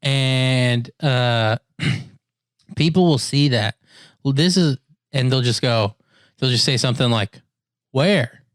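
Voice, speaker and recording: A man's voice: mid-range voice, takes it slowly, pauses often, dry recording, clean studio sound. Man telling stories in casual chat. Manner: animated storyteller, acts out quotes. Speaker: podcast co-host.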